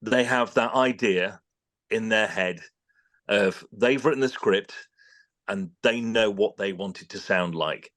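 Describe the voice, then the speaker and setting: A man's voice: fairly low pitch, unhurried, no echo. A man with a British accent, a voice-over artist chatting in an interview and acting out studio exchanges. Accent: British English. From England. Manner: animated, acts out studio exchanges in quoted voices. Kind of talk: casual interview chat.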